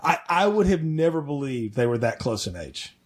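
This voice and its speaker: A man's voice: a little high, normal speed. A man co-hosting a film podcast, chatting casually and jokingly acting out characters' lines. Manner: animated, jokey, acts out characters' lines. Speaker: podcast co-host. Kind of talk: casual film-review chat.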